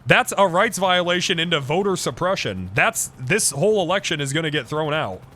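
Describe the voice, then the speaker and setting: A man streaming a roleplay game in character, ranting excitably and swearing a lot. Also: a little high, a little fast. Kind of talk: casual in-character roleplay chat.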